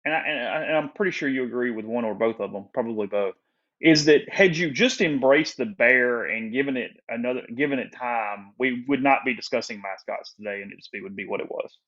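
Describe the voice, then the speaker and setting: A man's voice: mid-range voice, a bit bright. A man co-hosting a casual sports podcast, chiming in conversationally. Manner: conversational, quick to agree and chime in. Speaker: podcast co-host. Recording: slightly dull, lo-fi audio.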